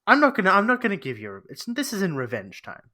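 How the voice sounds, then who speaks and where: A man co-hosts a comedy podcast and keeps up quick joking banter. His voice is bright and a little high. It swings widely in pitch as he talks. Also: wildly swooping pitch. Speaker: podcast co-host.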